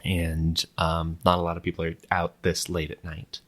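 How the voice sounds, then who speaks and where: A man's voice: deep voice, monotone, normal speed. A man acting as game master, explaining rules and narrating scenes with fillers and restarts. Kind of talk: running a tabletop game.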